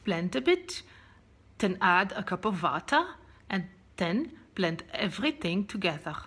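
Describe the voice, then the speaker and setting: A woman's voice: mid-range voice, sing-song, a little slow, husky, exaggerated voice. A woman voicing a cheerful Dutch woman friend with a put-on Dutch accent, walking through a recipe step by step. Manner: bright, loud, instructive cooking demo.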